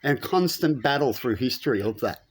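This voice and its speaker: A man's voice: normal speed, breathy edge. A man giving a rambling, preachy spiritual monologue, his voice climbing when he makes a point. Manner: animated, preachy, rises in pitch when making points. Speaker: spiritual commentator.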